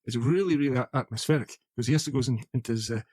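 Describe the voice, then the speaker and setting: A man's voice: medium pitch, rapid-fire, a little mellow, slightly rough, no echo. A man co-hosting a podcast, chatting casually about an old film, rambling with lots of fillers and restarts. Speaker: podcast co-host.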